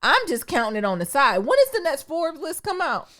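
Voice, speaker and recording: A woman co-hosting a podcast, chatting casually in slang. Her pitch swings widely as she acts out the people in her stories. She is from Detroit. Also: brisk. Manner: animated storytelling, slangy, acts out quotes. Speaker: podcast co-host. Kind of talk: casual chat.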